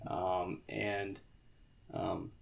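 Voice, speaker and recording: A man's voice: low-pitched, little pitch movement, drawn-out words, creaky. A young man co-hosting a casual podcast, talking in a loose, hesitant way with lots of fillers and restarts. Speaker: podcast co-host.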